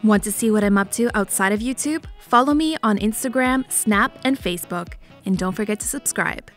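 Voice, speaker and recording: A woman's voice: medium pitch, moderate pace, soft background music. A woman vlogger giving a friendly, scripted channel outro.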